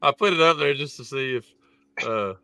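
A man's voice: mid-range voice, fairly quick, creaky, sharp tone, no room sound. A man co-hosting a podcast, chatting casually with teasing, dry humor. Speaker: podcast co-host. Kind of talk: casual chat.

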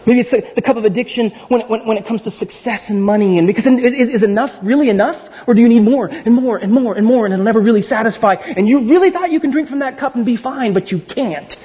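A man preaching a sermon, animated and playful, with frequent asides and words repeated for emphasis, heard on a dull lo-fi recording. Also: very high-pitched, fast talker, few pauses, husky. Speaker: pastor.

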